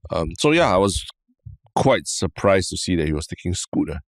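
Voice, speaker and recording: A man's voice: deep voice, normal speed, dry recording, clean studio sound. A Singaporean man co-hosting a podcast, chatting casually with a Singaporean English accent and ending his points with "lah, right?". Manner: relaxed, chatty, drops "lah, right?" tags. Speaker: podcast co-host. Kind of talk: casual chat.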